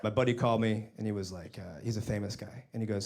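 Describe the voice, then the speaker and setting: A man's voice: lowish voice, fast, soft background music. A man doing a stand-up set on a club stage, telling a story with lots of swearing and laughter behind him. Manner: animated storytelling, acts out voices, swears freely. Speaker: stand-up comedian. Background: audience laughter.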